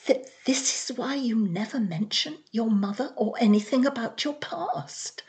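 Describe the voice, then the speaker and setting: A woman's voice: fairly high pitch, expressive, measured pace, darkish tone. A woman reading aloud, voicing an anxious young man who stammers. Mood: stammering. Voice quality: stuttering, breathless.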